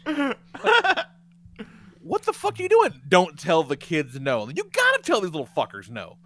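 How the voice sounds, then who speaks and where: Male podcast host, fairly high voice, animated, foul-mouthed storyteller. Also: measured pace. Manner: profane, animated storyteller who laughs a lot. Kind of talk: casual podcast chat.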